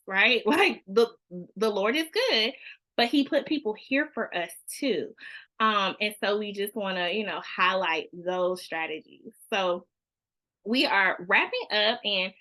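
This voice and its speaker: A woman's voice: medium pitch, big pitch swings, unhurried, bright, forceful tone. A woman leading a church youth counseling workshop, chatting casually and acting out parent-child conversations. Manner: frequent "you know what I mean" asides.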